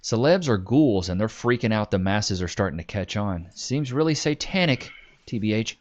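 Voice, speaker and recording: Lively young man telling stories on stream. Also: lowish voice, moderate pace, lo-fi sound. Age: 20s. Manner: animated storytelling, swearing, laughing. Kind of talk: casual stream chat reacting to comments.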